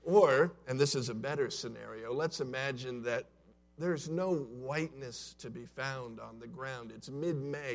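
A man in a church sanctuary preaching a sermon, conversational and story-driven, swinging between loud and soft. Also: a little high. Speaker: pastor.

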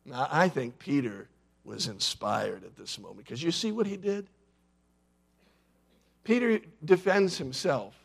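A man preaching a sermon, telling the story in a dramatic way with sudden drops from loud to hushed. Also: medium pitch, lively intonation, unhurried, vocal fry, pauses often, husky. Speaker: pastor.

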